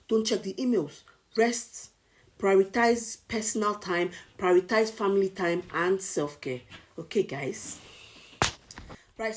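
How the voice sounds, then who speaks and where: Speaking straight to camera, a Nigerian woman gives advice in a casual vlog, repeating her points to drive them home with an emphatic, coaching delivery. Her voice sits at an everyday middle pitch with a darkish tone.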